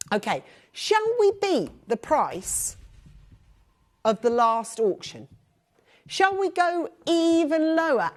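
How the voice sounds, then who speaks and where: Chatty woman selling on live TV. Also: high voice. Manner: chatty, upbeat, rattles off prices and buyer names. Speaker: shopping channel presenter.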